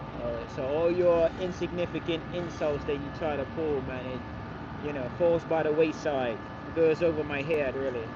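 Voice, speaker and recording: Man, high voice, outdoor street debater, emphatic, swears, faint traffic behind. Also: steady tone, moderate pace, highs cut off. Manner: emphatic, repeatedly asks "you understand, man?"; swears casually. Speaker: street speaker at a public speaking corner. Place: outdoors in a London park.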